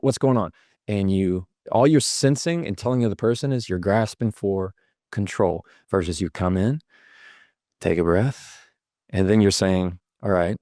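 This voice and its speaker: Lower-voiced man giving calm advice. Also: gravelly, no echo, clean studio sound. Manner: illustrates points with acted-out sample lines. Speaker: guest. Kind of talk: conversational advice.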